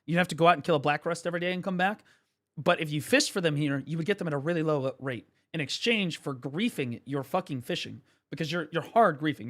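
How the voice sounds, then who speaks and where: A young man streaming a game, ranting and swearing excitedly as he explains it. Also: fairly high pitch. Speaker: gaming streamer. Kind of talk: live gaming commentary.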